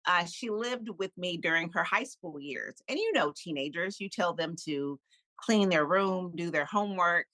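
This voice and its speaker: A middle-aged woman speaks as a guest on a podcast, candid and animated, laughing easily. Her voice sits a little low yet has a bright, forceful edge. The sound is dry and close, with no room in it. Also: normal speed, dry recording, rough recording. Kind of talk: casual storytelling interview.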